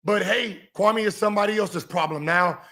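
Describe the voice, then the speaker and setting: A man in his forties hosting a podcast, giving heated commentary and mocking someone in an animated, sing-song teasing way. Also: sits high, normal speed, gravelly. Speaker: podcast host.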